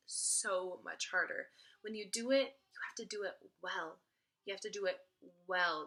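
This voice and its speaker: A woman's voice: mid-range voice, bright, forceful tone. A young woman talking casually to camera as a mom vlogger, earnest and repeating points for emphasis. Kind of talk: casual advice vlog.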